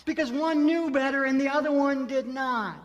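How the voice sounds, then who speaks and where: A man's voice: very high voice, steady tone, normal speed, lo-fi sound. A man preaching a sermon as pastor, telling a story and repeating phrases for emphasis. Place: church sanctuary. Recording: long hall reverb.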